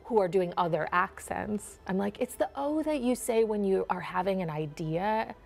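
A woman's voice: medium pitch, lively intonation, moderate pace, creaky, darkish tone, soft background music. A woman dialect coach with a Minnesotan accent, explaining in a chatty interview, often saying "like". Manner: chatty, frequent "like".

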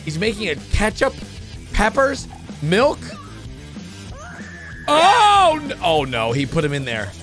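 An excitable man reacting to a video as he watches, his pitch leaping from quiet low mutters up to sudden high yelps. He talks casually in a very lively, up-and-down voice. Clear music plays behind him. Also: moderate pace. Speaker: gaming channel host.

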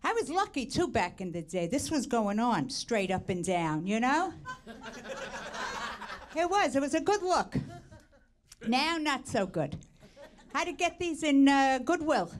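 A middle-aged woman from the Bronx with a New York accent, doing a brash, self-mocking stand-up comedy set. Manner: brash, self-mocking, swings pitch up for punchlines. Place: comedy stage with audience. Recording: stage recording, audience laughing.

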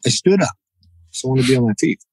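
Middle-aged male guest, animated storyteller, mid-pitched, dry close sound. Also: fast, breathy edge, dry recording, low-quality recording. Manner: animated, acts out quoted dialogue, frequent "you know" and "right?". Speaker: podcast guest, jiu-jitsu black belt. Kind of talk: casual storytelling interview.

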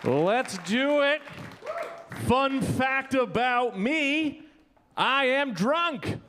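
A man's voice: extremely high pitch, expressive, very slow. Man, stand-up comedian, rowdy loose delivery, comedy club, crowd noise. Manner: rowdy, loose, acts out quotes.

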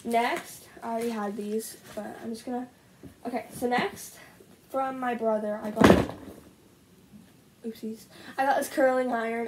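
A teenage girl chats into a camera set up at home, gushing about everything she shows with constant "like" and "so good". Her voice sits a little high and sounds slightly rough. A faint hiss runs underneath. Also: darkish tone, low-quality recording. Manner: gushing, bubbly, heavy use of "like". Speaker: vlogger. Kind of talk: casual haul video chat. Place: at home, indoors. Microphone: camera set up in front of her.

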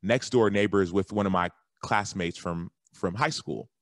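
A man from Texas, a guest on a podcast, telling a lively story in a casual, animated way that jumps high when he quotes himself. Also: unhurried, no room sound, studio quality. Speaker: guest, former football linebacker and author.

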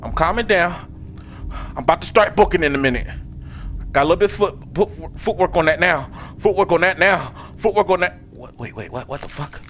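A man giving casual let's play commentary, swinging from hushed muttering to yelling and talking to the game characters with slang and swearing. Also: high-pitched, animated, a little fast, a little hiss or hum. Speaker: gaming video creator.

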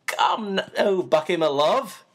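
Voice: mid-range voice, animated, slow pace, fairly bright tone, pitched above the performer's own voice, heavily acted. A reader voicing a small, good-humoured old sailor man who talks in a hearty, genial way.

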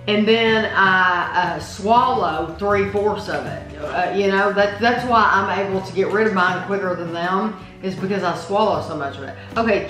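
A woman's voice: medium pitch, fairly bright tone, echoey room, poor audio. A woman hosting a casual candy taste test, chatting as she leads everyone through each flavor in turn. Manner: chatty, leads the tasting step by step. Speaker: host of a candy review channel.

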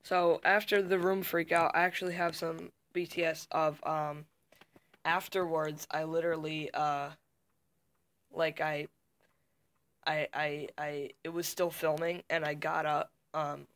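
Gravelly young man rambling to camera. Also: a little high, flat delivery, measured pace, a bit bright. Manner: rambling, full of fillers and restarts. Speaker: YouTuber. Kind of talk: casual behind-the-scenes vlog. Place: small dark room at home. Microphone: camera mic.

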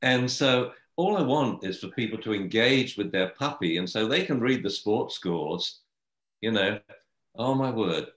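An older man speaks with a somewhat low voice. He trades chatty remarks on dog training and laughs easily. The room around him rings with echo. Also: animated, a little slow, fairly bright tone. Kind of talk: casual discussion.

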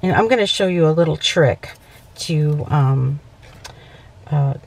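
Low in pitch, slow, and darkish in tone, a woman's voice guides a casual papercraft demonstration. She chats freely, catches and corrects herself, and frequently checks in with "okay."

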